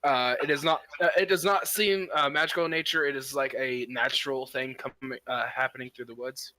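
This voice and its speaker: A man narrating as game master, halting with many fillers. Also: medium pitch, steady tone, sharp tone, poor audio.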